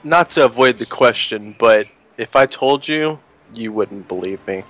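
A man's voice: mid-range voice, animated, unhurried, a bit bright. Easygoing man playing his character. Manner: easygoing, agreeable. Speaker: player. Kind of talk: in-character tabletop play. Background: faint background music.

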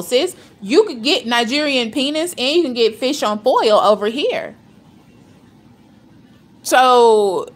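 Reaction vlogger: woman, higher voice, blunt, gossipy, profane, quick to laugh. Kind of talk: casual reaction commentary.

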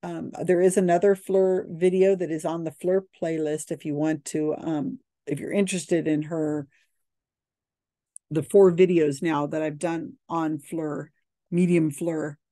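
A woman's voice: low-pitched, flat delivery, a little slow, warm tone, no room sound, studio quality. A woman giving skeptical, blunt video commentary, talking casually with frequent ums and restarts. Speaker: commentator reviewing psychic videos.

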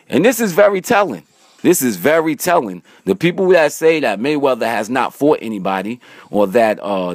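A man's voice: medium pitch, dry recording. A man vlogging, breaking down boxing stats in a casual, slangy way and often tagging his sentences with "man". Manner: slangy, direct-to-camera, repeats "man".

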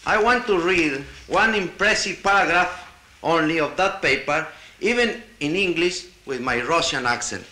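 Man, high voice, halting with restarts, conference speech, echoey 1960 hall tape. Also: noisy background. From Latin America. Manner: halting, with restarts and wry asides. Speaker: conference delegate. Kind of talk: conference speech, partly reading a paper aloud.

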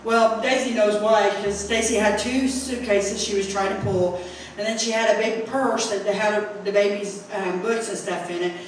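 A middle-aged woman with a Southern Indiana accent gives a folksy church testimony in the sanctuary, acting out quotes and laughing often. Her voice is medium-pitched with fairly even intonation at a moderate pace. The recording is noisy and echoey, captured from far off in the church.

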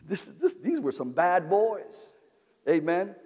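A man preaching a sermon as pastor, with repetitive call-and-response phrasing that builds to shouts. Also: sits high, big pitch swings, slow, breathy edge. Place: large church sanctuary. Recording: long church-hall reverb.

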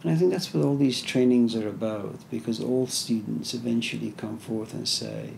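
A man's voice: medium pitch, moderate pace, creaky, darkish tone, a little hiss or hum. A man giving an informal philosophy lecture, talking conversationally with many "you know"s and story asides.

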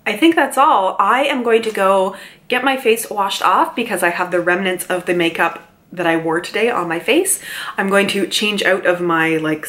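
A woman reviewing a beauty product in a casual, chatty way, reading details aloud with quick asides while sitting at home with a mild cold. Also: mid-range voice, a bit bright. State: mild cold, mouth breathing. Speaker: beauty vlogger.

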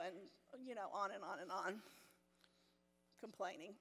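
A woman's voice: medium pitch, measured pace, gravelly, pauses often, bright, forceful tone, husky. An older woman teaching a women's Bible study, telling a personal story with self-deprecating humor and frequent laughs. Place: church meeting hall. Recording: long hall reverb in a church.

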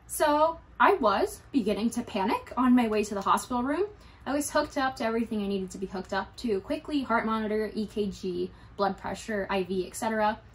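A young adult woman candidly telling a personal story to her vlog viewers, conversational and lightly humorous. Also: a little high. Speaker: YouTuber.

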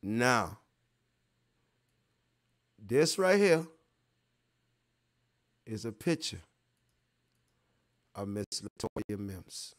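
A man with a fairly low voice hosts a casual online livestream, addressing viewers head-on with rambling, foul-mouthed talk and repetition for emphasis. He's very animated, draws his words out, and leaves long pauses.

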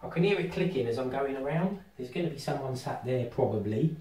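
A man, vlogging casually as he sets up VR at home and talks to himself excitedly. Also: mid-range voice, brisk, distant mic. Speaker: tech vlogger. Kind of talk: casual vlog commentary while setting up VR. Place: house with rooms on two floors. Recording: roomy home room, voice often off-mic.

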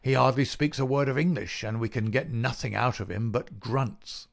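A man's voice: mid-range voice, moderate pace, vocal fry, natural voice. A man voicing a shrewd, stubborn police inspector who speaks in guarded, sly replies.

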